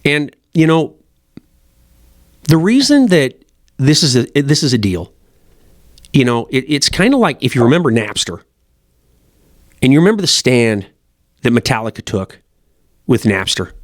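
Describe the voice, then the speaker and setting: A man's voice: medium pitch, sing-song, a little slow, pauses often, dry recording, studio quality. A middle-aged man who runs a fly shop, talking in a blunt, profane, rambling way. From Montana, USA. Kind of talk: casual rambling monologue.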